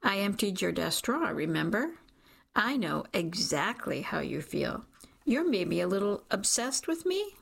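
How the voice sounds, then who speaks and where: A woman reading the lines of an earnest, gently teasing young man in an audiobook, keeping close to her own voice. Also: mid-range voice, sing-song, measured pace, gravelly, husky, full character voice. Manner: soft, warm, lightly teasing. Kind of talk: audiobook character voice.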